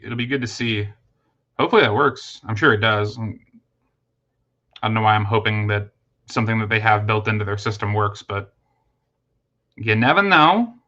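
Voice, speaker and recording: Hosting a late-night livestream, this man has a voice on the low side with a sharp tone, and the highs are cut off. He talks casually to viewers, thanks them, and fills his speech with fillers and restarts.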